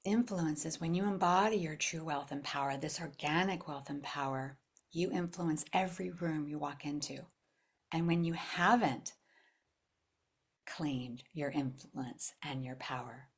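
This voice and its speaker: Female workshop leader, low voice, expressive, acts out quotes, drops to whispers. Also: husky. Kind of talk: live workshop teaching to a group.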